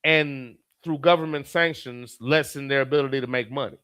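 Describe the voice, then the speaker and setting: A man's voice: mid-range voice, steady tone, moderate pace, sharp tone, clear, resonant tone, no echo. A man who reads viewer comments aloud as a streamer and gives blunt, profane, heated commentary. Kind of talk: profane live commentary reading chat.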